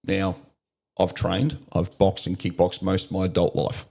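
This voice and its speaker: A gravelly, fairly low-pitched Australian man in middle age tells a rough story in a relaxed interview. He talks bluntly and swears freely, with laughter breaking through his telling. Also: measured pace. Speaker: podcast guest, army, navy and police veteran.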